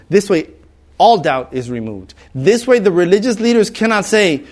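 A man's voice: high-pitched, very animated, normal speed, a little mellow. A middle-aged man preaching a sermon in a conversational way, acting out bystanders with humor. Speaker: pastor.

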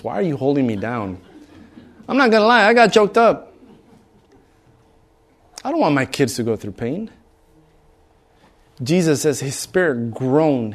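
A middle-aged man preaching a sermon in a conversational way, acting out bystanders with humor. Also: a little high. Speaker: pastor.

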